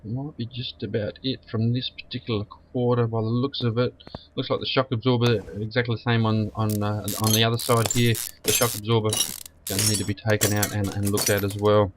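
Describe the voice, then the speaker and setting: Croaky man with a cold. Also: on the low side, level tone, a little fast. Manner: rambling, repeats and restarts words. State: hoarse from a cold, sniffly. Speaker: gaming channel host. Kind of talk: casual game commentary. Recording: noisy background.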